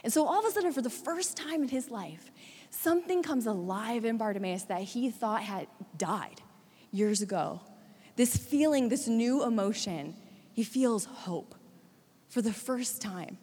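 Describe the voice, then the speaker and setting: A woman preaching a sermon, retelling a story with dramatic swings between hushed and urgent delivery. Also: on the high side, animated, a little slow, slightly rough. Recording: long hall reverb.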